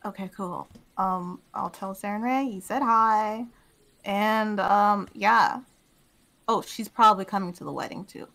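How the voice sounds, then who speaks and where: A woman playing a tabletop game, chatty and excitable in character. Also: medium pitch, unhurried, gravelly. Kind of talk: casual in-character play.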